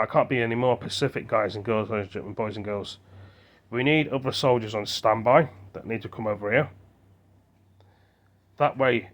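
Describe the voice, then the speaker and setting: Rambling man thinking aloud on his phone. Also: mid-range voice. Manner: meandering, thinking aloud with many fillers and restarts. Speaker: vlogger. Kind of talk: rambling casual monologue to camera.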